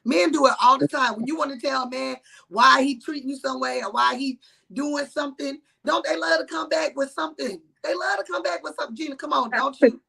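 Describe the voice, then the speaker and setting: A woman co-hosting a comedy talk show, with a deep, gravelly voice and a laid-back, rambling way of talking. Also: a little fast, bright, forceful tone. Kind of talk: casual comedic banter.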